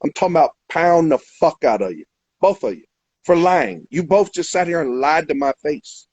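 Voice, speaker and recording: Husky man hosting a heated livestream. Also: on the high side, expressive, moderate pace, darkish tone, no room sound. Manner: confrontational, profane, talks over others. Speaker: livestream host.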